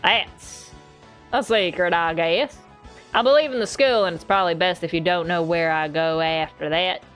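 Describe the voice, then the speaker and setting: A woman voicing a cheerful male pigeon secret agent in a slow, easy put-on Southern American drawl, pitched well below her own voice. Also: a bit bright, faint music behind, close to an everyday voice. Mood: secretive.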